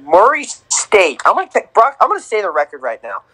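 A man's voice: high-pitched, wildly swooping pitch, fairly quick, bright, forceful tone, husky, poor audio. A man co-hosting a casual sports podcast, announcing tournament teams in a playful, sing-song way. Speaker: podcast co-host.

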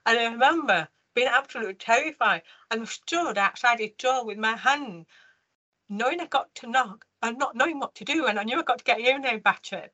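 A woman from the United Kingdom, an interview guest telling her life story in a lively way, with many restarts and fillers. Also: on the high side, brisk, poor audio.

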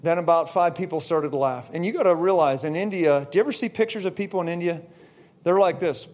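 Excitable high-voiced preacher. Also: male voice. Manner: excitable, builds to shouting; checks in with listeners often. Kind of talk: storytelling sermon.

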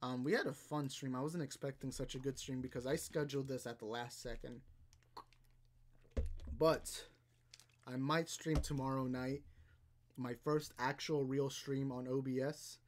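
A man's voice: mid-range voice, steady tone, measured pace, slight background noise. A young man casually chatting on a livestream, rambling and reading viewer comments aloud. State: out of breath. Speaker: livestream host.

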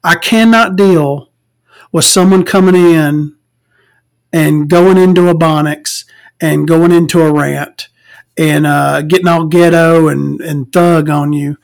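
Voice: mid-range voice, steady tone, takes it slowly, creaky. A podcast host rants in a casual monologue. The delivery is profane and rambling, with frequent fillers and asides.

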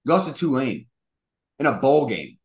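A young man co-hosting a casual sports podcast, mocking and animated, acting out quotes as he rants. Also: medium pitch, normal speed. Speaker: podcast co-host.

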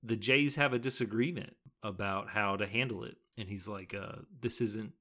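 A man's voice: lowish voice, steady tone, moderate pace, pushed and bright. A man co-hosting a casual movie podcast, retelling the plot and arguing his point with rising emphasis. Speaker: podcast co-host. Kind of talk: casual movie-review chat.

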